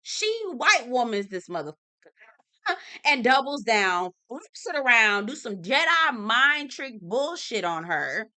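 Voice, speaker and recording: Woman, casual vlog recap, blunt, swears freely, bright and forceful voice. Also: fairly high pitch, unhurried. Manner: blunt, animated, swears, talks straight to viewers. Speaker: TV review vlogger.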